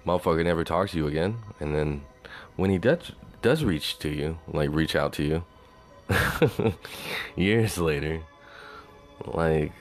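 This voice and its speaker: A man talking in a loose, rambling monologue, swearing freely and saying "you know" over and over. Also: very deep voice. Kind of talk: casual monologue.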